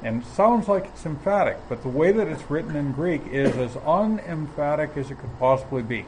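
A man teaching from the Bible in a measured, explanatory way, often pausing mid-phrase. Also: a little high, lively intonation, background noise. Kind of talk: sermon.

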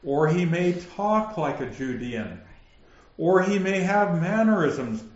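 A man's voice: high-pitched, sing-song, slow, reverberant, lo-fi sound. A man with a northern Minnesota accent teaching a Bible passage, his questions rising so little they sound like statements.

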